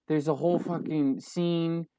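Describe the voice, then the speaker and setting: A young man co-hosting a podcast, ranting in casual chat with an exasperated, halting manner full of fillers and restarts. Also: a little high, fairly even intonation, warm tone, slight background noise. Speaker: podcast co-host. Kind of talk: casual movie-rant chat.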